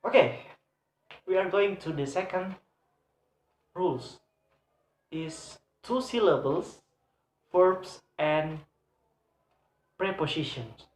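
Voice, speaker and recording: Very slow, halting young man with an Indonesian accent. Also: fairly high pitch, expressive. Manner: very slow, halting, with many pauses and fillers, repeating each example word. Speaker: student presenter. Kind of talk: English pronunciation lesson. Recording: echoey room.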